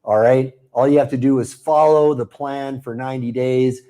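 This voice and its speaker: A mellow, upbeat man hosts a live webinar selling a marketing program, speaking at normal speed with a medium pitch and steady tone. Chatty throughout, he reads viewers' comments aloud and answers each person by name.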